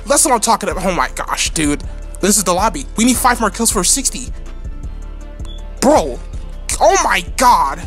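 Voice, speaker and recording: Excitable trash-talking young gamer man. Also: moderate pace, long pauses, faint music behind. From United States. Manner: excitable trash talk with frequent swearing; bursts into sudden high-pitched yells. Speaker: gaming channel host. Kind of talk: live gameplay commentary. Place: at home late at night.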